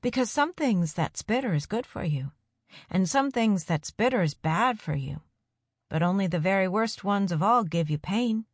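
A woman's voice: sits high, big pitch swings, measured pace, dry recording, voice pushed up, exaggerated voice. A woman voicing a curious, bold young village child who asks questions eagerly, in a dry-sounding recording. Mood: lecturing.

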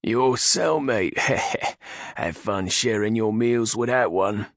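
A man voicing a gruff, brutish orc guard who barks orders. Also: fairly low pitch, slow pace, a bit bright, no room sound, pitched above the performer's own voice. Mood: barking. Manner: barking orders.

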